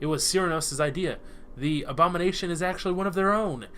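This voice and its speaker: A man's voice: a little high, a little fast, fairly bright tone, slight background noise, natural voice. A man reading out a scornful captured male elf spy from a video game, haughty and contemptuous.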